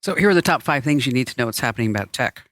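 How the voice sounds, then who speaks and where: A man's voice: mid-range voice, lively intonation, racing, fairly bright tone, dry recording. A man co-hosting a podcast in casual chat, talking loosely with lots of fillers. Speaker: podcast co-host.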